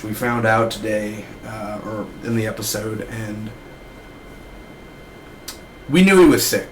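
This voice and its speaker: A man's voice: fairly low pitch, lively intonation, slow pace, long pauses, a little hiss or hum, low-quality recording. A man in his twenties giving a casual, rambling TV episode review, full of slang like "man" and "dude". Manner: slangy, loose, keeps saying man and dude. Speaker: TV show reviewer.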